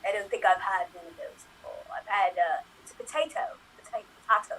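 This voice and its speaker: A woman voicing a sheltered, bewildered elderly royal man in a put-on upper-class English accent, hesitant and halting in an improv comedy scene. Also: mid-range voice, expressive, a bit bright, voice pushed down, rough recording. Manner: hesitant, full of ums and halting restarts. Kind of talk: improv comedy scene over video call.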